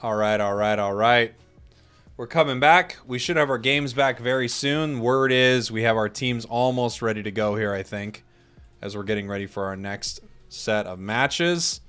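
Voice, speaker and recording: A man's voice: mid-range voice, fairly bright tone, clear, resonant tone, faint music behind. A man casting an esports tournament, joking with his stream chat in mock outrage during a break, stammering and restarting. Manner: stammering restarts, quick laughs.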